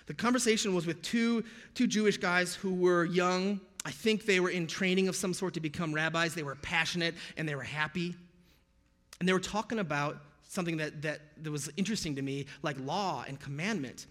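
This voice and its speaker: American male pastor, slightly raised pitch, chatty sermon delivery with jokey asides, echo of a big hall. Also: fairly quick, fairly bright tone. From United States. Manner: conversational, with jokey pop-culture asides.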